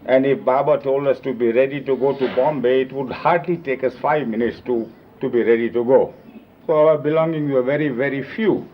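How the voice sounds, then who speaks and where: A man's voice: medium pitch, brisk. Man telling stories on lo-fi 1970s tape. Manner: lively, emphatic retelling with acted-out quotes. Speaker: storyteller recalling his years as a companion. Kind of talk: informal anecdotal storytelling. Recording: dull lo-fi 1970s reel-to-reel videotape.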